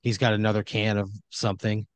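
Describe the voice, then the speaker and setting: A man's voice: on the low side, flat delivery, a little fast, dry recording. A man improvising a comedic horror story in a loose, rambling way full of fillers.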